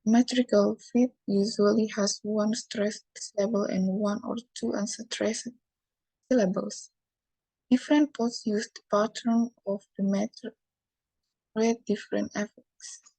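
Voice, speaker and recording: A woman's voice: mid-range voice, steady tone, unhurried, vocal fry, mellow, no room sound, rough recording. A young woman from Indonesia with an Indonesian accent, giving a careful bilingual classroom presentation that moves between English and Indonesian. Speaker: student presenter.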